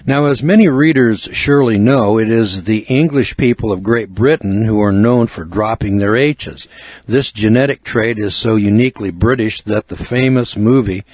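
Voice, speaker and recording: An older American man narrating a spoken book review in a measured, earnest lecturing way with asides. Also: on the low side, a little mellow, dry recording. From United States.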